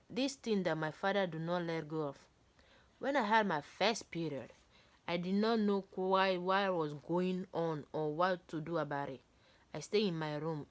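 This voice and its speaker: Woman reading a book aloud. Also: low-pitched. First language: not English. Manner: breaks off reading to comment and joke. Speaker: book reader.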